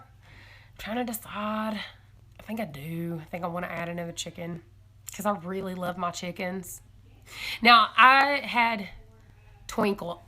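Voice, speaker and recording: A young woman hosting a homesteading live stream, chatting casually and excitably with viewers, thinking aloud and laughing often. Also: fairly low pitch, measured pace, long pauses. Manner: rambling, self-correcting, thinking aloud.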